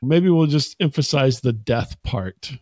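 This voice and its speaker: A man's voice: medium pitch, expressive, measured pace, a little mellow, dry recording, studio quality. A man co-hosting a podcast in casual chat, playful and joking. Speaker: podcast co-host.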